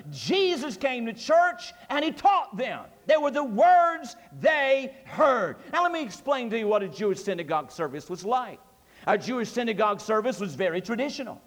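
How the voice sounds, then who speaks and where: A pastor, preaching a sermon emphatically and repeating his lines with rising force. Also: very high-pitched. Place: church sanctuary. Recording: reverberant church hall.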